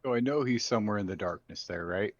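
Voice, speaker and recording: A man's voice: on the low side, fast, dry recording, lo-fi sound. A man playing in an online tabletop game, talking bluntly and swearing casually. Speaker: player.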